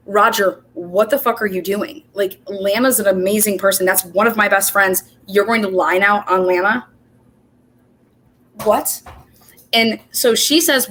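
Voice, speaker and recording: A woman hosting a casual livestream, telling an animated, profane story and quoting the dialogue back and forth. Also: medium pitch. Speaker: show host.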